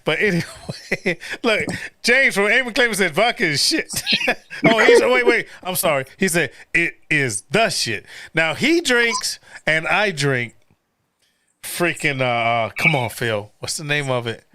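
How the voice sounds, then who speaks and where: A man hosting a casual live podcast chat, rambling and profane and quick to laugh. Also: on the high side, expressive, sharp tone, no echo. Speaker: podcast host.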